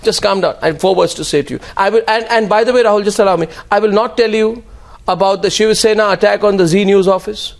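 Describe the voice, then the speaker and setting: A man's voice: high-pitched, fast, creaky. A man with an Indian English accent moderating a heated TV news debate, interrupting and hammering the same question over and over. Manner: interrupting, repeating phrases insistently.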